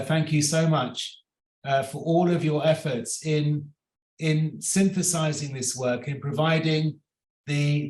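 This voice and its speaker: A man leading a project, giving a formal thank-you speech at an event, halting often and repeating his words. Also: mid-range voice. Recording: roomy echo.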